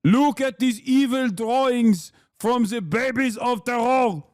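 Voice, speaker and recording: A man voicing an exaggerated caricature of a ranting, indignant male diplomat in a mocking, shouty put-on. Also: extremely high pitch, slow pace, no room sound, studio quality. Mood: menacing.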